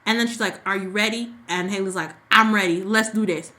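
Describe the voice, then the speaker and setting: Bright, animated woman retelling soap drama. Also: mid-range voice, a little fast. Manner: animated storyteller who acts out characters' lines. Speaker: podcast co-host. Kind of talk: casual chat recapping a soap opera.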